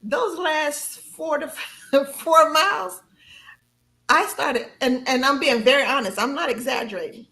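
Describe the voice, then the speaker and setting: Her pace a bit slow, a woman guesting on a podcast relates a personal story conversationally and with spirit. She often laughs and goes up high in pitch as she quotes what she said.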